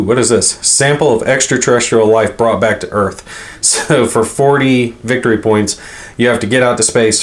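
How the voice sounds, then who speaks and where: Low-voiced man rambling through an unboxing. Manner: rambling, thinking aloud as he handles items. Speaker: board game channel host. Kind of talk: casual unboxing commentary.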